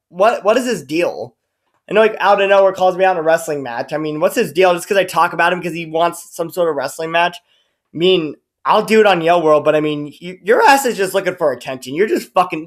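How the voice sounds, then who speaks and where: A man, a YouTuber, ranting in a vlog, cursing and sarcastic, rambling with restarts. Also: high voice. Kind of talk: profane angry rant vlog.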